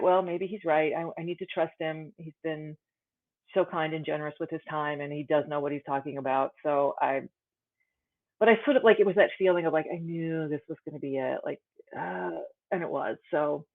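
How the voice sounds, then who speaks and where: A woman, an author and interview guest, telling a personal story in a casual, animated way with many "like" fillers. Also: on the low side. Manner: animated, many "like" fillers, acts out her own thoughts. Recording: phone-like tinny call audio.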